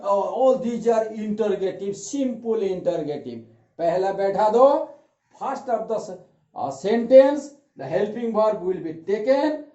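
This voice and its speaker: A man teaching an English grammar lesson, repeating each example sentence slowly. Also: high voice, mellow. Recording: echoey room, dull lo-fi sound.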